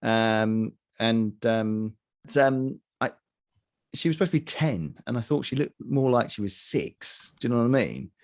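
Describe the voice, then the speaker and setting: A middle-aged man co-hosts a podcast, chatting casually about reviews in halting bursts full of fillers and restarts. His voice is medium in pitch with lively intonation.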